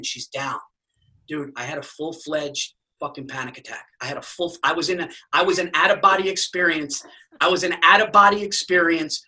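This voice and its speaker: Profane, animated man telling a story. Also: fairly high pitch, far from the mic, low-quality recording. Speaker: podcast guest. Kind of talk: storytelling in casual chat.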